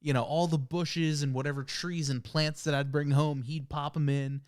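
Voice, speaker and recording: A man's voice: on the high side, flat delivery, normal speed, darkish tone. A young man co-hosting a podcast, chatting casually and rambling through family anecdotes. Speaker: podcast co-host. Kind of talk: casual chat.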